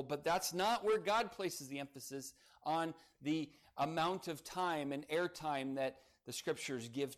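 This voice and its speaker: A man preaching a morning sermon, earnest and emphatic, leaning on key words as he builds each point. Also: on the high side. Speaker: pastor.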